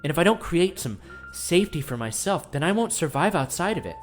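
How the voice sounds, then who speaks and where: A man hosting a scripted comedy audio piece, earnest and gently idealistic. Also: fairly high pitch, big pitch swings, a little fast, soft background music. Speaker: host.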